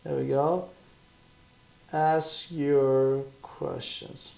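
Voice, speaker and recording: A chiropractor hosts a casual live podcast from his phone in a mid-range, creaky, darkish voice with a level tone, speaking very slowly. He rambles earnestly and often breaks off mid-sentence.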